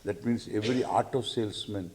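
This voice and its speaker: A man's voice: fairly low pitch, brisk, a little mellow, slight background noise. An older man, giving a scripture lecture with jokes and chanted verses. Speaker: spiritual teacher.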